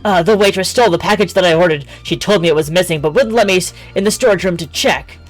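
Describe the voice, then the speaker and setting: An entitled male customer blusters and complains, voiced by a woman reading a game aloud. He sounds aggrieved and self-important, barely shifted from the reader's own voice. Soft music sits far behind. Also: fairly low pitch, quick pace, close to an everyday voice. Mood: indignant. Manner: indignant, blustering. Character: indignant man, an entitled restaurant customer.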